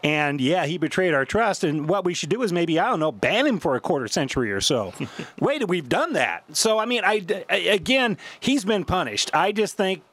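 A man co-hosting a sports radio show, talking in an animated, emphatic way with some self-mockery, into a studio microphone. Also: high-pitched, normal speed, no room sound. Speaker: radio co-host.

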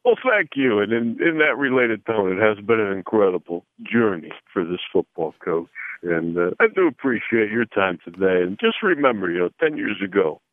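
A man's voice: lowish voice, expressive, normal speed, dry recording, close to an everyday voice. A man doing a rambling phoned-in football coach. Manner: rambling, with folksy card-game analogies and many "you know"s. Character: rambling, self-praising middle-aged male football coach. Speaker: caller doing a comedy impression. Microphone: telephone. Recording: tinny phone line.

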